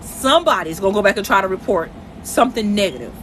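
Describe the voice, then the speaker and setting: Bright-voiced woman on a phone live stream. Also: medium pitch, animated, quick pace, a little hiss or hum. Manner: emotional, conversational, addresses viewers directly. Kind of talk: casual live-stream monologue. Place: at home, in bed.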